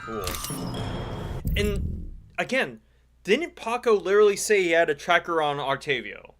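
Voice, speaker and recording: A man's voice: a little high, big pitch swings, measured pace, over music. A man giving sarcastic, incredulous commentary over a game and swearing often.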